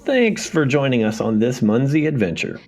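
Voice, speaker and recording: A man's voice: medium pitch, big pitch swings, normal speed, darkish tone, faint music behind. A man co-hosting a casual podcast, agreeable and mostly answering with short affirmations. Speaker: podcast co-host.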